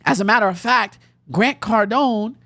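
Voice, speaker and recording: A woman's voice: fairly high pitch, normal speed, no echo. A young adult woman hosting a podcast, telling a personal story in a conversational way with bursts of laughter. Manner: animated, conversational, laughs while telling stories. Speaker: podcast host.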